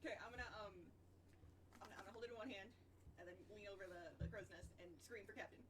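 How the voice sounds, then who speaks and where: A woman's voice: medium pitch, racing, fairly bright tone, a little hiss or hum. A woman playing in a tabletop game, casual and giggly, laughing often. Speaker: player.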